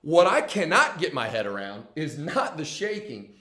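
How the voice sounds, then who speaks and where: Guy preaching a sermon, drops to a hush then gets loud, roomy echo. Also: fairly high pitch, wildly swooping pitch, normal speed. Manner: dramatic swings from hushed to loud, conversational asides. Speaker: pastor.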